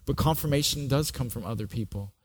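A man's voice: mid-range voice, fairly quick, slightly rough. A middle-aged man, a pastor, telling his own story in a sermon, earnest and often repeating a word as he starts a thought. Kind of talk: sermon with personal testimony.

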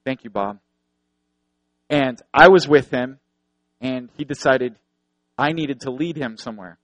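An earnest male preacher delivering a sermon, leaning on repeated phrases to drive points home and slipping into storytelling. His voice sits at an ordinary middle pitch and sounds dry and close, with no room echo. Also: measured pace. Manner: earnest, repeats phrases for emphasis, tells anecdotes.

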